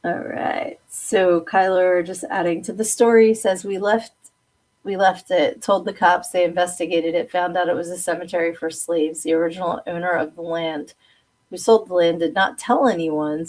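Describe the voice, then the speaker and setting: A woman hosting a casual live stream, chatting easily and reading out viewer comments. She is animated and laughs often, and her voice sits a little low for a woman. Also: moderate pace. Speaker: host.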